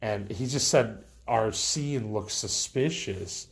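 A man's voice: fairly low pitch, slow pace, creaky. A young man casually telling a countdown of personal stories, rambling with lots of fillers and restarts. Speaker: vlogger. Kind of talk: casual storytelling to camera.

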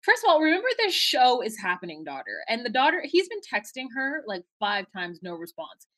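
A woman co-hosting a casual podcast, recapping a reality show in an animated way, laughing and acting out quotes. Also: fairly high pitch, fairly quick. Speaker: podcast co-host.

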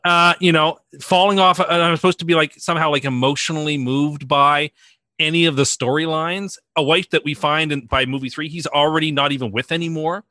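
Bright-voiced, opinionated man. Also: fairly high pitch, steady tone, fairly quick, dry recording, studio quality. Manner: opinionated, contrarian, rambling. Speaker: podcast host. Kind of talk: casual chat.

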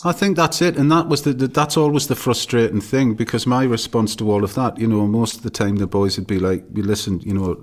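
A man's voice: medium pitch, a little fast, few pauses. A middle-aged man co-hosting a podcast, offering thoughtful, hesitant opinions in casual chat. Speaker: podcast co-host.

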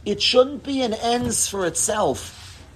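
Male rabbi teaching a lively Torah lesson: high, very animated voice, light background hiss. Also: takes it slowly. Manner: animated, expressive, swings between low and loud. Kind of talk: Torah class lecture.

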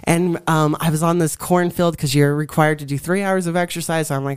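A woman's voice: deep voice, steady tone, brisk, a little mellow, clean tone, no room sound. A young woman, a guest in a faith interview, who tells her own story with energy and acts out what she and others said.

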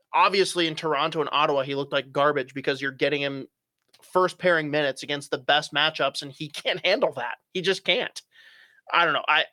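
A man's voice: on the high side, bright, forceful tone, no echo, clean studio sound. A young man co-hosting a casual hockey chat, opinionated and swearing casually with frequent fillers. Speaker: hockey podcast co-host.

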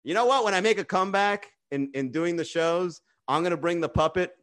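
A comedian with a somewhat high voice hosts a casual livestream on his phone. He rambles, swears freely and roasts his viewers by name. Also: brisk, fairly bright tone. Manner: profane, rambling, teasing. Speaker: stand-up comedian and livestream host.

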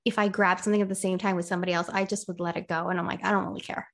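Animated young woman telling stories. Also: lowish voice, racing. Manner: animated storyteller, acts out quoted arguments. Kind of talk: casual chat.

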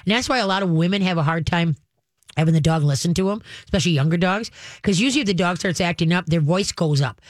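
A woman's voice: fairly low pitch, fast, dry recording. Chatty woman radio host, dry studio sound. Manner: chatty, laughing, often acts out voices. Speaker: radio show host and dog trainer. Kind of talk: radio call-in advice talk. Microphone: studio microphone.

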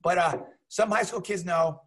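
Man, middle-aged, husky, high-pitched, animated storyteller, interview guest. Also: moderate pace. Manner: animated, acts out voices in his stories. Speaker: guest, teacher and minor league mascot. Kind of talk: casual storytelling.

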